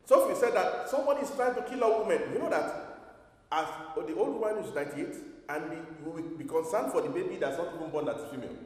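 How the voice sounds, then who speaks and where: This pastor talks fast in a high, somewhat mellow voice, highly animated as he preaches to the congregation. His sermon is emphatic and packed with rhetorical questions, recorded from afar in an echoey church hall.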